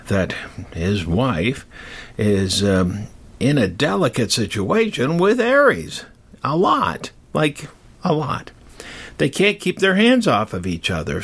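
An older man retells an old myth in a loose, chatty storytelling style, drifting off into tangents and asides. His voice is husky with a lively rise and fall. He sounds animated and talkative. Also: lowish voice. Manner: rambling, digressive, animated. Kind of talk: casual storytelling.

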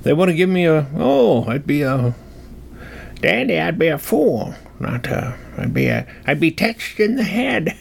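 A man's voice: on the high side, big pitch swings, measured pace, creaky, husky, pitched above the performer's own voice, heavily acted. A man voicing a folksy, rambling old Wild West codger in a put-on Old West movie drawl, chuckling as he talks. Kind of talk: comic impression.

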